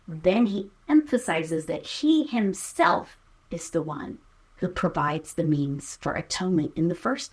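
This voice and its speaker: A woman hosting a podcast, reading Bible verses aloud and teaching a scripted Bible lesson in a measured way. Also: on the low side, breathy edge.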